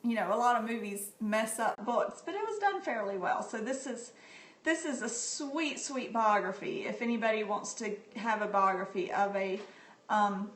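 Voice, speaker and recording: A woman's voice: mid-range voice, moderate pace, fairly bright tone. A middle-aged woman hosting a casual live stream about books, talking in a chatty, heartfelt way with frequent ums. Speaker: livestream host sharing books. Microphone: phone. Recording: echoey room, phone mic.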